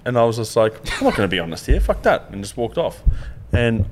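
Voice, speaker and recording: A man co-hosting a casual podcast, telling long rambling stories full of swearing and laughter. His pitch sits in an ordinary middle range, and a faint noise hums under the recording. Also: very animated, fast. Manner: rambling storyteller, swears a lot, laughs often. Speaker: podcast co-host. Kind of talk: casual chat.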